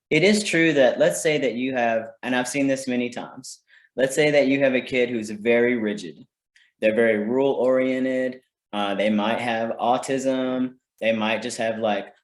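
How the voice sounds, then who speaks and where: Roomy-sounding man teaching parents. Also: medium pitch. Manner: conversational, keeps checking in with "right?". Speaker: parenting workshop presenter. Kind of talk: informal teaching talk. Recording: roomy echo.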